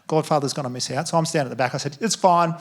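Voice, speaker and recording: A man's voice: medium pitch, rapid-fire. A man doing stand-up, telling a story in a self-mocking way and acting out the voices of the people in it. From Australia. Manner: animated, self-mocking, acts out quoted voices. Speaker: stand-up comedian. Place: theatre stage before a live audience.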